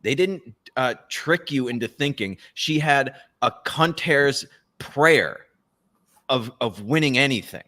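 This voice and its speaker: A man's voice: medium pitch, expressive, slow pace, sharp tone. A man hosting a podcast, mocking and swearing, laughing often. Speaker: podcast host. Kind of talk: casual chat.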